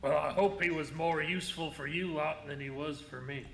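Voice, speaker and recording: A man's voice: on the high side, steady tone, moderate pace, vocal fry, fairly bright tone, slight background noise. A man voicing a small mechanical male gnome cowboy with a folksy western drawl, recorded in an echoey room. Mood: laconic.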